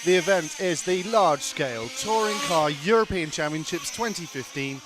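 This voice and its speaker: A man's voice: on the high side, expressive, normal speed, background noise. A man co-commentating a model car race, teasing his partner and reading out sponsors. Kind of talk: live race commentary with banter.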